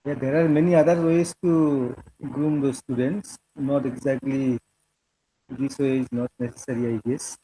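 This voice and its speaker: A man's voice: mid-range voice, steady tone, mellow, slightly rough, poor audio. Hesitant man answering from the audience. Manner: hesitant, halting. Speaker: workshop participant.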